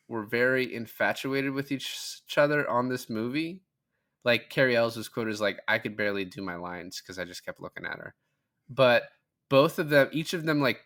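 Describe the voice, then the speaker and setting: Bright-voiced man recapping a movie. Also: mid-range voice. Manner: animated, laughs while retelling scenes. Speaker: podcast co-host. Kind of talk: casual movie recap chat.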